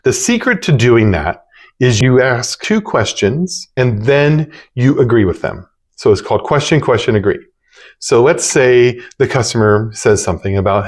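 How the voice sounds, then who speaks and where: A man's voice: medium pitch, normal speed. A man who runs a business, talking casually and conversationally about sales techniques and now and then acting out cheerful phone greetings. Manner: relaxed, conversational, demonstrates upbeat phone greetings. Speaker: business owner teaching sales. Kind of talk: casual instructional talk.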